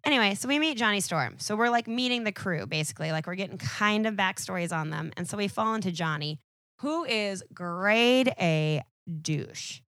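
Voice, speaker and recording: A woman's voice: mid-range voice, lively intonation, moderate pace, a bit bright, dry recording, clean studio sound. A young woman guesting on a podcast, chatting casually in a rambling, laughing way full of "like". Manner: rambling, laughing, sprinkled with "like" and swearing.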